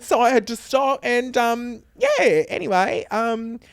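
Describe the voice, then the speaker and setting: A man's voice: measured pace, creaky, clear, resonant tone, no echo, studio quality. A man, co-hosting a podcast and telling a story in casual chat, acting out what people said. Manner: animated, acts out quotes with big pitch jumps. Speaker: podcast co-host.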